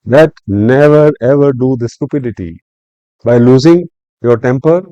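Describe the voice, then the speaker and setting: A man's voice: medium pitch, unhurried, no room sound, muffled recording. An older man with an Indian English accent, a retired civil servant telling stories in a podcast interview, acting out his own angry words and drawing lessons from them. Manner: animated, acts out angry quotes, lecturing.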